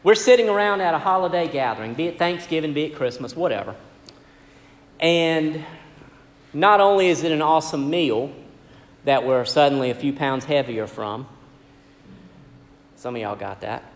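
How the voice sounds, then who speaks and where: A man preaching a sermon as pastor, swinging from loud, raised lines down to hushed ones. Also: a little high, expressive, normal speed, pauses often. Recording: long hall reverb with faint ambience.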